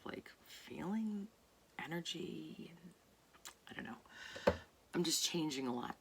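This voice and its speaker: A woman talking casually to camera late at night in a soft voice that often drops to a near whisper, rambling and searching for words. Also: rumbling low, vocal fry, slight background noise. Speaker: artist vlogger. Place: home at night.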